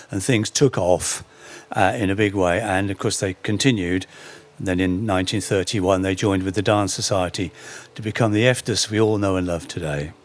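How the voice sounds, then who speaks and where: A middle-aged man giving an anecdotal talk on folk history, with dry humour and frequent self-corrections. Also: on the low side. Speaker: speaker giving a public talk.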